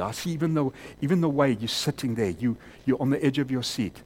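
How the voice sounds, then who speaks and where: A man preaching a sermon in a church, climbing to loud emphatic peaks and then dropping to quiet, close appeals. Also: mid-range voice, animated, fairly quick, hardly any pauses, a little hiss or hum.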